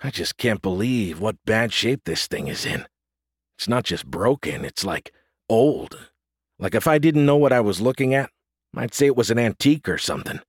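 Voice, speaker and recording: A man's voice: lowish voice, lively intonation, normal speed, breathy edge, dry recording, clean studio sound. A man voicing a blunt, uneasy male soldier in an audiobook, speaking casually with slang and rising emphasis. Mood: wry, uneasy.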